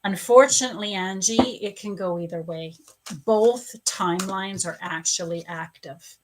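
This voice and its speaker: A woman psychic medium giving a live reading at home, gently sympathetic, halting with pauses and fillers. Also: mid-range voice, heavy background noise. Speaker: spiritual coach and psychic medium. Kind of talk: live psychic reading answering viewers' questions.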